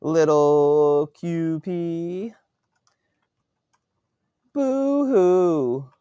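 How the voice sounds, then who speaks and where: A man's voice: mid-range voice, sing-song, very slow, clear, resonant tone, dry recording, lo-fi sound, pitched above the performer's own voice. Man putting on a sneering noble bully. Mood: mocking. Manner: mocking, venomous taunting.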